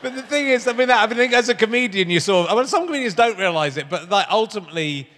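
A man's voice: sits high, expressive, fast talker, background noise. A man hosting a live stage interview as a comedian, with brash, teasing banter. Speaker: host, comedian. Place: large town hall stage. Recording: long reverb of a large hall.

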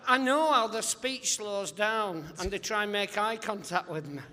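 A male comedian guest on a live podcast interview, telling rambling, animated anecdotes and acting out other people's voices. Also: high-pitched, normal speed, long reverb tail.

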